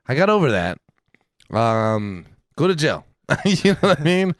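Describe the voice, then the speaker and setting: A man's voice: a little high, very animated, a little slow, no echo, studio quality. Man telling a rambling, profane story. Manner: profane, rambling storyteller who acts out quotes. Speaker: podcast co-host. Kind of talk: casual chat.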